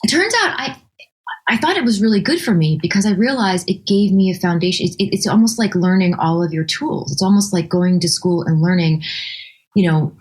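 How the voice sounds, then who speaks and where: A woman composer talks through her process in a fairly low voice. She is chatty and animated, laughs easily, and often restarts her sentences. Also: fairly quick. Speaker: guest composer. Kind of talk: casual interview chat.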